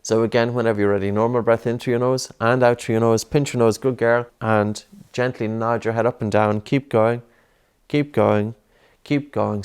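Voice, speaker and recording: A man coaching a child through breathing exercises, patient and encouraging, with many gentle repeated prompts. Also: mid-range voice, steady tone, normal speed, smooth.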